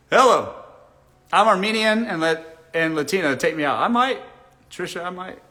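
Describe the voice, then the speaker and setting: A man's voice: sits high, lively intonation, a little slow, pauses often, pushed and bright. A young man hosting a casual live Q&A from a room indoors. He reads viewer comments aloud, answers bluntly, jokes and often laughs. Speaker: live Q&A host. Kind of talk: casual live-stream chat. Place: indoor room lit by a ring light.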